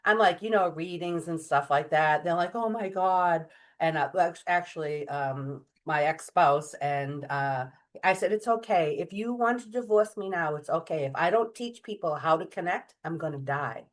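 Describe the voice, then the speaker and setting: A middle-aged woman telling her story as an interview guest, chatty and animated, acting out the voices of people she quotes. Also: low voice, moderate pace, hardly any pauses. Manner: chatty, many fillers and restarts. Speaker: guest medium.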